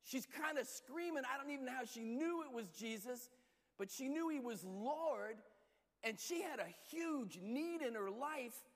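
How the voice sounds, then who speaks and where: A man preaching a sermon and telling stories, with lively shifts between soft and loud delivery. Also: a little slow, long reverb tail. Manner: storytelling, lively shifts in pitch and loudness. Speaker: pastor.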